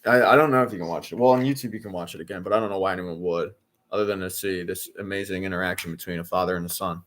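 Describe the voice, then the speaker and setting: A man's voice: deep voice, fairly even intonation, very fast, fairly bright tone. A man in his thirties hosting a live football watch-along, talking casually and breaking into exasperated outbursts at bad plays. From Philadelphia area. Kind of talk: casual live-stream commentary.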